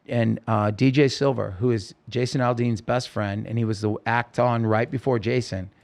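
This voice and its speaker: A man with a medium pitch and fairly even intonation recounts a personal story as a guest on a podcast, where he appears as a singer-songwriter. There's vocal fry and a slightly mellow quality, and he speaks earnestly and emotionally, restarting his halting sentences again and again.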